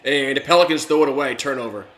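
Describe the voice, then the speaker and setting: A man's voice: medium pitch, fast, a bit bright. Chatty man calling a game in an echoey room. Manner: rambling, chatty, many fillers and restarts. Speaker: live stream play-by-play host. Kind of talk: casual play-by-play commentary.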